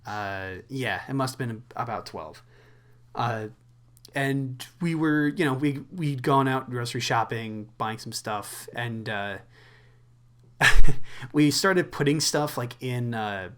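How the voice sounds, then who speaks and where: A man's voice: mid-range voice, takes it slowly, fairly bright tone. A young man co-hosting a podcast, telling a rambling, profane story with plenty of filler words and laughs in a casual chat. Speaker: podcast co-host.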